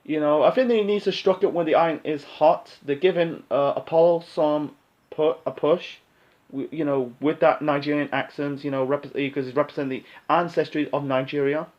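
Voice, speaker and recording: A man's voice: on the high side, steady tone, a little fast. A man with a slightly raised voice talks through his predictions in a loose, rambling way, full of "you know" and restarts. He is blunt and swears now and then. The recording sounds dull and lo-fi. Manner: rambling, many fillers and restarts. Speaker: wrestling pay-per-view predictions host. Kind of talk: casual solo commentary.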